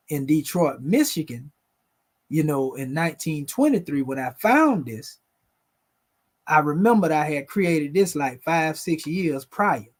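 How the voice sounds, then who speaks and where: Male host, relaxed explanatory chat over images, slightly higher-pitched, calls his audience family. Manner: conversational, addresses viewers as family. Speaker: video host presenting photos. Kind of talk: casual explanatory talk over pictures.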